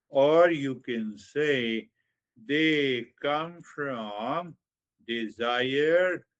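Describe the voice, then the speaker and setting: A man teaching meditation at an unhurried, measured pace, repeating short phrases and stretching out words before rising sharply for emphasis. His voice sits in an ordinary middle register. The recording sounds dull and a little muffled. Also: mid-range voice. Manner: slow and repetitive, with drawn-out phrases and sudden emphatic rises. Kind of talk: spiritual talk.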